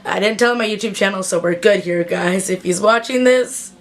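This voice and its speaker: Fast-talking young woman telling a story. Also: mid-range voice. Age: young adult. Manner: chatty storytelling full of "like" fillers. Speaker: vlogger. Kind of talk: casual story time.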